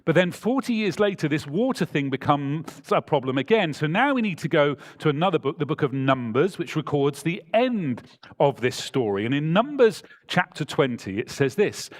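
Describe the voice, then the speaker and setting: A man's voice: on the high side, big pitch swings, moderate pace. A man preaching a sermon in a church, telling a scripture story and reading passages aloud with emphasis. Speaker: pastor.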